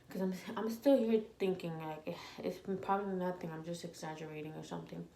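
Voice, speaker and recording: A woman in her twenties telling a storytime vlog, animated and swearing freely as she quotes people in her story. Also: lowish voice, a little fast, hardly any pauses. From United States. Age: 20s. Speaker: vlogger. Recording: echoey room with faint ambient noise.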